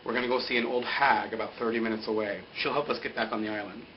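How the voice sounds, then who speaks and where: A man putting on a low, coaxing schemer. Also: steady tone, quick pace, lo-fi sound, a little hiss or hum, close to an everyday voice.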